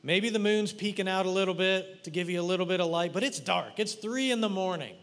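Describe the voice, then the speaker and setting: A man preaching a sermon, leading his congregation through a guided imagining, talking to them directly in an animated, playful way. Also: high voice, a little fast, long reverb tail.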